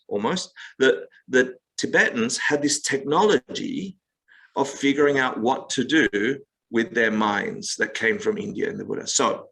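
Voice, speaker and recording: A man with a bright, forward voice talks through spiritual ideas in a lively conversational way. He tells stories, acts out quick quotes and leans on game comparisons to make his point. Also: medium pitch, gravelly, low-quality recording. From United States. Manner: expressive storyteller, acts out quotes, gaming analogies. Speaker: meditation teacher guest. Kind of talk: animated podcast conversation.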